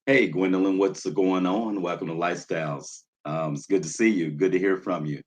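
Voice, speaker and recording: A man with a low voice speaks at normal speed while hosting a laid-back livestream. Jittery and nervous, he talks loosely, uses many fillers, and welcomes viewers in the chat by name.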